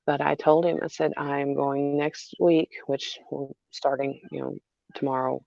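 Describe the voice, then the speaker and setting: A mother talking through a hard personal story in a halting way, repeating herself with many fillers. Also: very deep voice, steady tone, gravelly, warm tone, no room sound, dull audio. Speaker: mother vlogger. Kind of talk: emotional personal vlog.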